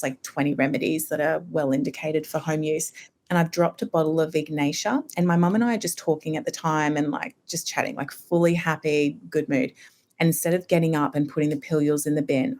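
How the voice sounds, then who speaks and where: Podcast guest, woman, low voice, rambling anecdotal delivery. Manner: animated storytelling, many fillers like "you know". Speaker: homeopath guest. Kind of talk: casual podcast conversation.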